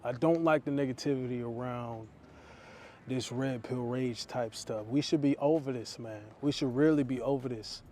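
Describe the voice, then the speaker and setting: A man's voice: medium pitch, normal speed, warm tone, slight background noise. Blunt, slangy man preaching to camera. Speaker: dating coach. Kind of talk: motivational straight-to-camera talk.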